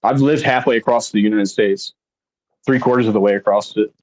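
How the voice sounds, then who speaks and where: A man's voice: on the low side, a little fast, a little mellow, no room sound, low-quality recording. Easygoing south carolina guy hosting, chill chatty, dry close sound. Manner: laid-back, easygoing, says man and dude a lot. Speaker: podcast host. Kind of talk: casual chat.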